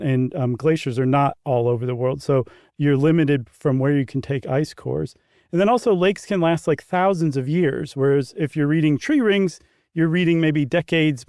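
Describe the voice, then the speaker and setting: A man's voice: on the high side, a little mellow, no room sound, clean studio sound. A man co-hosting a casual podcast, explaining things in an easygoing, chuckling way with loose asides. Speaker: podcast co-host. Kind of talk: casual conversational podcast chat.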